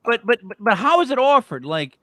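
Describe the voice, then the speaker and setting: Brisk and very high-pitched, this man's voice comes through with no echo. As a podcast co-host, he spins animated stories and acts out what others said in a casual setting.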